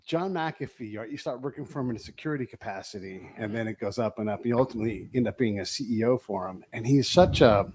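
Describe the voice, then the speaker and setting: A man's voice: medium pitch, fast talker, hardly any pauses, darkish tone, breathy edge. A man hosting a podcast interview at a guest's home, talking in a laid-back, slangy, upbeat way. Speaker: podcast host. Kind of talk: casual interview.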